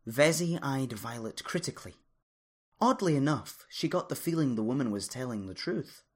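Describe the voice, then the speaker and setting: An expressive storyteller reading an adventure novel aloud, the pitch swinging widely through each sentence. The voice has a husky, slightly breathy texture and a dramatic delivery. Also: moderate pace. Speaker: audiobook narrator. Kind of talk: scripted story narration.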